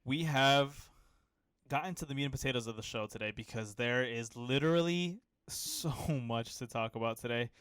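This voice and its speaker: A young man talking anime news on a podcast, enthusiastic and rambling through his fillers. His voice is smooth and resonant, captured dry and close. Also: mid-range voice, brisk, few pauses, a bit bright, no room sound. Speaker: podcast co-host. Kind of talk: casual anime podcast chat.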